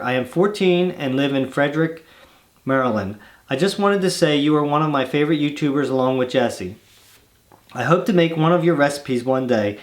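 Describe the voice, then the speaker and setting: A man hosting his own channel, reading viewer letters aloud and chatting casually between them with rambling, easygoing asides. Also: mid-range voice. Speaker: channel host reading fan mail.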